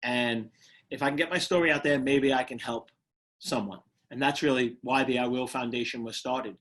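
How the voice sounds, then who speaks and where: A man's voice: medium pitch, normal speed, fairly bright tone. A middle-aged man with a New York accent, a guest in an interview, telling his story in a casual way, often repeating words and restarting as he goes. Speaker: guest, retired firefighter and motivational speaker.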